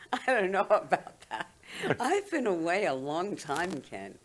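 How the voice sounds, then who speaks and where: A woman's voice: fairly low pitch, sing-song, takes it slowly, a little hiss or hum. Older British woman with a London accent. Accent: London English. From London, England. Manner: chatty, laughs often while talking. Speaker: guest. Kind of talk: reminiscing interview talk.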